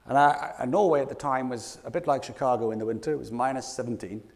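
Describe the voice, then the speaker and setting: British man, motivational speaker, raspy, energetic, lots of call-and-response, big reverberant hall. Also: mid-range voice, fast talker. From Britain. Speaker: leadership coach, keynote speaker. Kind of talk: motivational keynote talk. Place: conference stage before an audience.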